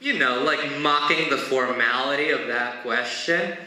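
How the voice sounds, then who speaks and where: A man's voice: mid-range voice, unhurried, bright, forceful tone. A man doing stand-up storytelling in a conversational, wry way, with side remarks along the way. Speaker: comedian. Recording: very echoey room.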